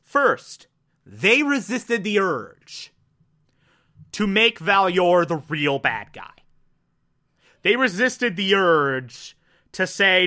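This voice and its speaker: A man casually reviewing a cartoon episode, animated and emphatic, with mocking asides. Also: high voice, drawn-out words, pauses often.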